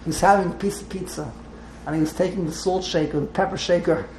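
A man's voice: sits high, quick pace, darkish tone, slight background noise, poor audio. A man teaching a text class to a small group, wandering off into side stories and restarting his sentences often. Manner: digressive, restarts often, mixes Hebrew terms.

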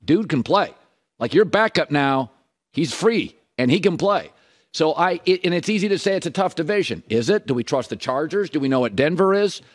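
A man's voice: a little high, expressive, normal speed. A man giving emphatic, opinionated football commentary, ticking through points in a list, played as a clip from another show. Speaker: sports talk host. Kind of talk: sports radio commentary.

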